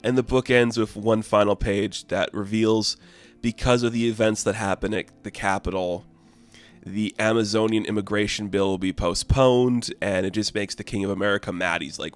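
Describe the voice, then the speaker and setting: A man's voice: lowish voice, steady tone, normal speed. A man giving a casual, rambling comic book review, full of fillers and amused asides.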